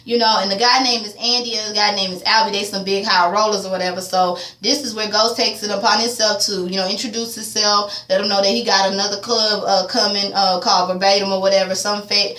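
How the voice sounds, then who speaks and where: A woman recapping a TV episode in casual, animated, profanity-laced slang. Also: mid-range voice, a little fast, hardly any pauses. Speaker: TV recap vlogger. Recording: echoey room, distant mic.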